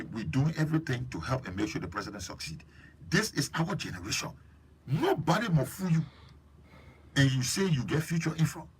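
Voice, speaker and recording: A man with a Liberian English accent hosting a live stream, chatting lively and preachy while teasing viewers by name. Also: on the high side, husky. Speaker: host.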